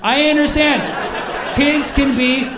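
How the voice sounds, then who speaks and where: A man's voice: very high-pitched, fairly even intonation, takes it slowly, roomy sound, crowd noise. A male stand-up comedian ranting emphatically and swearing often, recorded on a handheld mic on a club stage. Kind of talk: stand-up routine. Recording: noisy live club with audience.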